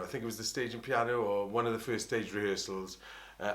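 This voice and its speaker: A middle-aged Welsh man, an opera singer, telling an animated, rambling story and often interrupting himself. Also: on the low side, fast talker. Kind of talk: anecdotal storytelling.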